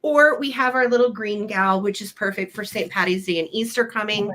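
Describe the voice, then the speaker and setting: A woman's voice: medium pitch, a little fast, fairly bright tone. A woman hosting a live-stream vintage sale from home, chatty and friendly, her voice a little weak after being sick. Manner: chatty, friendly, apologetic asides. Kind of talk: casual live-stream sales pitch.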